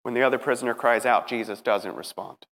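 Male preacher, dramatic storytelling sermon, emphatic, medium pitch, long hall reverb. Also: a little fast. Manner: emphatic, swings from hushed to rising.

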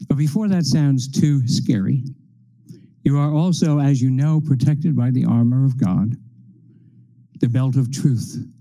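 A man preaching a sermon, working through numbered points in a slow, measured way. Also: mid-range voice, mellow, poor audio.

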